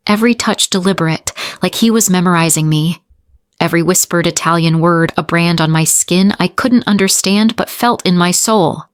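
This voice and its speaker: Low-voiced woman narrating dark romance. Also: no echo, clean studio sound. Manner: breathless, dramatic pacing with short fragments. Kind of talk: first-person romance story narration.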